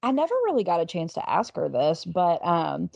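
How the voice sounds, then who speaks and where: A woman's voice: on the low side, big pitch swings, normal speed, creaky, darkish tone, breathy edge, dry recording, lo-fi sound. A woman in her twenties co-hosting a comedy podcast, blunt and dry, swearing casually as she tells a family story. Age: 20s. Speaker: podcast co-host.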